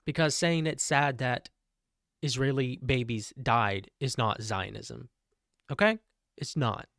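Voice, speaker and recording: A man's voice: medium pitch, slow pace, gravelly, fairly bright tone, no echo, studio quality. A young man commenting on a stream, exasperated and swearing as he rants. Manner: exasperated, profane. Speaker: podcast commentator. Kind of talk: stream chat rant.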